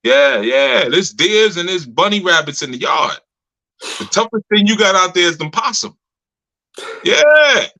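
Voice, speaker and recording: A man's voice: high voice, lively intonation, a little slow, gravelly, pushed and bright, poor audio. A man giving a casual, story-filled talk to his community, who laughs often and speaks in a loose colloquial way. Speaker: community leader speaking to members.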